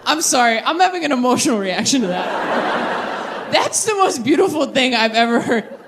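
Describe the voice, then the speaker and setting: A young woman doing a stand-up set with crowd work, chatty and animated, drifting into tangents and catching herself. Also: high voice, moderate pace, very noisy. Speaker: stand-up comedian. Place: comedy stage before a live audience. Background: audience laughter.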